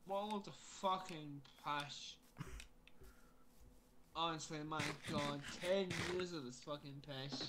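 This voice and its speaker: A man's voice: a little high, takes it slowly, long pauses. A drunk man, ranting and swearing repetitively while chatting during a game session. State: drunk, slurring. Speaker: guest gamer. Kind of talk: drunk casual game chat. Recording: noisy home mic.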